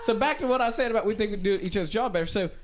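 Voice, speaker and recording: A man from Asheville, telling stories on a podcast in a lively, profane way. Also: sits high, rapid-fire. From Asheville, North Carolina. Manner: animated, swearing, acts out quotes. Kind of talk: casual storytelling on a podcast.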